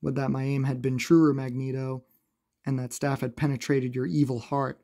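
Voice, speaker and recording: A man's voice: mid-range voice, level tone, normal speed, vocal fry, dark tone, lightly acted. A man voicing a hot-headed young male speedster hero, speaking in formal, archaic phrasing. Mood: defiant.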